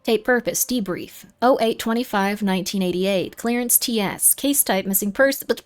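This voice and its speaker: A woman's voice: mid-range voice, moderate pace. A woman streaming a game live, chatting playfully and reading the on-screen text aloud. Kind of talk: live-streamed gameplay commentary.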